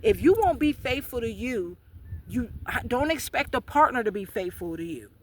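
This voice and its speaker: A woman's voice: on the high side, big pitch swings, normal speed. Breathless woman preaching outdoors on a noisy phone recording. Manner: blunt, preachy, slangy, emphatic repetition. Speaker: spiritual channel host. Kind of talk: outdoor vlog, preachy spiritual advice. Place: outdoors on a hiking trail.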